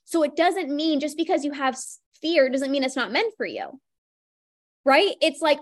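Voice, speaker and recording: A woman's voice: high-pitched, animated, normal speed. A young woman hosting a solo podcast, talking casually with lots of "like" and acting out little inner voices. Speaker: podcast host.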